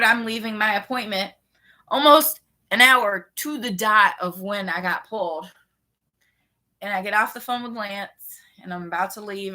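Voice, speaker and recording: A woman telling a story in a casual, sarcastic rant, with quick animated bursts. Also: lowish voice. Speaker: vlogger.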